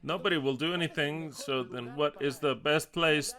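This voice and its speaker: A man's voice: a little high, moderate pace, bright, forceful tone. A man preaching an informal sermon in a conversational way, often acting out what people say. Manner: conversational, acts out quoted speech with repeated lines.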